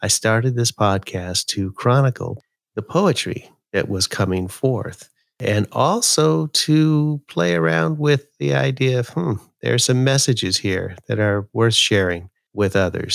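A man hosts his podcast in a slow, easygoing manner, mixing folksy chat with a reading of his own poem. His voice sits a little low. The sound is dry and close to the mic. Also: gravelly, dry recording. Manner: slow, relaxed, folksy delivery. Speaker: podcast host. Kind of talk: casual talk and poetry reading.

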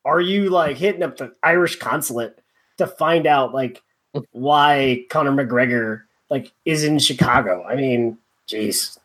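A man's voice: medium pitch, a little slow, fairly bright tone. A man co-hosting a podcast, chatting casually in a rambling, wry way with lots of fillers. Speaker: podcast co-host.

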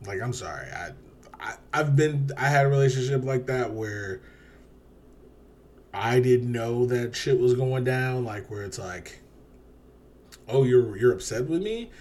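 A man's voice: mid-range voice, a little slow. A man in casual conversation, talking bluntly with strong opinions and casual swearing. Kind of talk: casual chat.

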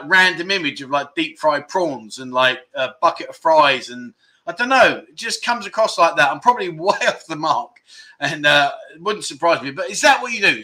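A man with a fairly high voice and a very bright, sharp tone hosts a casual livestream. He reads out viewer messages one after another and answers with relaxed, jokey banter, calling people mate. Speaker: livestream chat show host.

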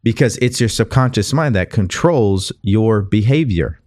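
A man with a fairly low voice speaks as a motivational coach on his own show. He talks in an earnest, conversational way, often circling back and restarting phrases to press his point. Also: lively intonation, unhurried, darkish tone. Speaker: podcast host and coach. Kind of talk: motivational monologue.

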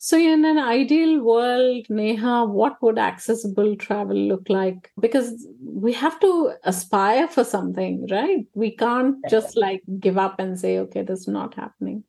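A woman's voice: a little high, unhurried, gravelly, hardly any pauses, mellow. A woman hosting a podcast interview, who encourages and affirms her guest as she asks questions. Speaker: podcast host.

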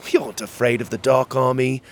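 A man voicing a proud, defiant young male fairy who speaks boldly in a raised, higher voice. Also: little pitch movement, a little fast, gravelly.

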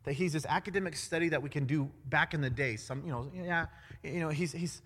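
Animated preacher in a reverberant hall. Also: male voice, fairly high pitch, a little fast, husky. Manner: animated, acts out quoted voices with big swings in loudness. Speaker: pastor. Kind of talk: sermon.

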